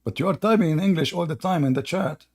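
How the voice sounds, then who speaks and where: A man's voice: fairly high pitch, fast talker, darkish tone. A man hosting a casual livestream chat, joking and mocking, with a tired voice. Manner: mocking, joking, laughs at his own stories. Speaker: host.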